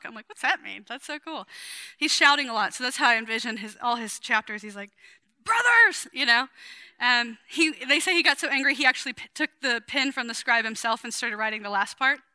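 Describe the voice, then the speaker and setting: A woman in her forties preaching to women in a chatty, emphatic way, with sudden loud bursts of energy. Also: a little high, smooth, no echo. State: sweating. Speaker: women's ministry speaker. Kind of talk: sermon.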